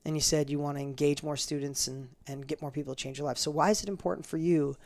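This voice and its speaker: A middle-aged man with a slightly high, gravelly voice tells a personal story in an interview. He talks fast and with emphasis, repeating words as he builds, and acts out each exchange he quotes. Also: fairly even intonation, darkish tone. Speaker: guest telling a personal story.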